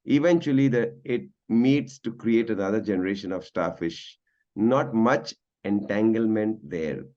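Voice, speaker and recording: Hesitant interviewer, dull sound. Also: male voice, fairly low pitch, unhurried, dark tone. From India. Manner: hesitant, many fillers. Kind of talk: interview questions.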